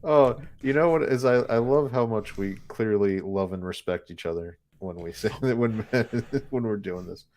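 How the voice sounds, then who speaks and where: A man's voice: on the low side, normal speed, few pauses, darkish tone. A man co-hosting a podcast, teasing the others and laughing through casual chat. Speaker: podcast co-host.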